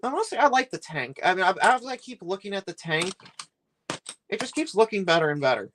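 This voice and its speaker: Male streamer, rambling, animated delivery. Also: high voice, fairly quick, slight background noise. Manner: rambling, chatty, complains with a laugh. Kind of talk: live-stream chat while building.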